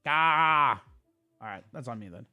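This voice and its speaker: A man hosting a casual livestream, ranting at his chat in a quick, profane and heated way. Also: medium pitch, lively intonation, smooth, dry recording, phone-quality sound, soft background music. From Italian heritage. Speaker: streamer host.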